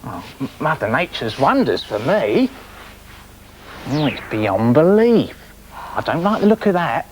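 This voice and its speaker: A man's voice: on the high side, very animated, unhurried, pauses often, a little hiss or hum, low-quality recording. A man presenting on children's TV, rambling enthusiastically through a daft scripted comedy sketch.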